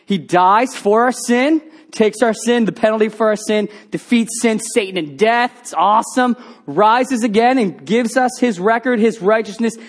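Man, high voice, sermon, lively storytelling. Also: moderate pace. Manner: energetic storytelling with quoted voices. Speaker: pastor.

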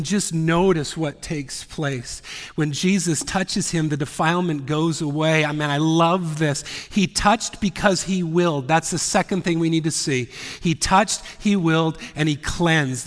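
A male pastor with a somewhat high voice delivers a sermon, often falling into dramatic whispers before rising again. His words ring out with the long reverb of a large hall. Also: measured pace. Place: church sanctuary.

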